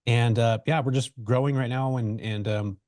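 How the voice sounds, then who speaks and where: A man's voice: medium pitch, steady tone, moderate pace, a little mellow, no room sound, clean studio sound. A man guest on a webinar interview, telling his story in a loose, conversational way with lots of fillers and restarts, over a video call mic. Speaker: real estate investor guest.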